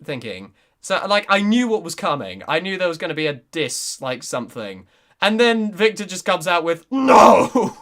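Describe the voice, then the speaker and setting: A young man with a fairly high, bright, forceful voice hosts a casual livestream Q&A as a YouTuber and voice actor. He reads chat and rambles, giggling often and frequently restarting his sentences.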